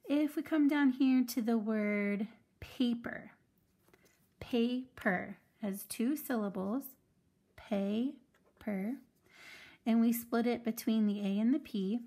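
A woman's voice: on the high side, dark tone. A woman teaching a phonics lesson to children, patiently sounding out words syllable by syllable.

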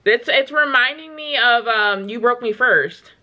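Bright-voiced woman gushing over a song. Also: fairly high pitch, measured pace. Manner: gushing, exclamatory, chatty with many fillers. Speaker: reaction channel host. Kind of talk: casual music reaction commentary.

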